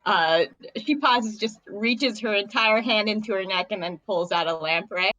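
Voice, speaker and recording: A woman's voice: mid-range voice, moderate pace, pushed and bright, no echo. Casual woman on a dull lo-fi mic. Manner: casual, hesitant, with fillers. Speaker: player. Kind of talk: tabletop role-play narration.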